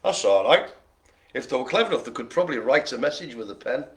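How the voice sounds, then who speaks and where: A man hosting a bingo session, joking and chatting between calls with quick asides. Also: medium pitch, very animated. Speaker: bingo host. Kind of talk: lively bingo calling with banter.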